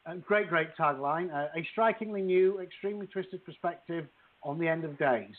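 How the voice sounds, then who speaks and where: A man talks and reads aloud over a thin, phone-like line. His voice sits fairly high for a man, and he rambles with many restarts before settling into the reading. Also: moderate pace. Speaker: author guest. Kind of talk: casual podcast chat and book reading. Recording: tinny phone-like call audio.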